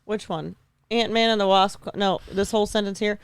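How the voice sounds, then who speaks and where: A man's voice: high voice, steady tone, moderate pace, clean tone, no room sound. A man chatting on a podcast, asking wry questions. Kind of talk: casual chat.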